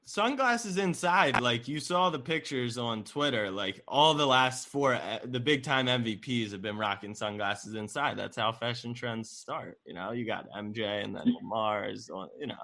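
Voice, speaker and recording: A man hosting a casual chat about fashion trends, talking in an animated way and laughing often. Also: medium pitch, normal speed, hardly any pauses. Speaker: podcast host.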